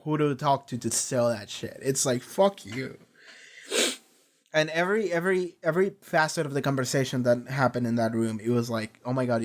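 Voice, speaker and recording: Rambling man reviewing an episode. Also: on the high side. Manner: rambling, frequent restarts and swearing; acts out characters' lines in paraphrase. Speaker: reaction channel host. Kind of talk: casual reaction discussion.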